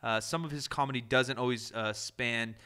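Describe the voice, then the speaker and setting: A man's voice: medium pitch, fairly even intonation, moderate pace, pushed and bright, clean tone. A man co-hosting a podcast, teasing and joking in casual banter. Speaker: podcast co-host.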